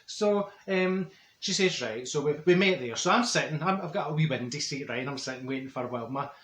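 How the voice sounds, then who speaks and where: A man's voice: a little high, expressive, brisk, a bit bright, echoey room. A man playing a blunt Glaswegian gossip woman. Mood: gossipy. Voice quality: broad Scots dialect, gossipy storytelling with put-on voices. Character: chatty middle-aged Glasgow woman, blunt people person. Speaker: comedy character monologue. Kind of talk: character comedy monologue.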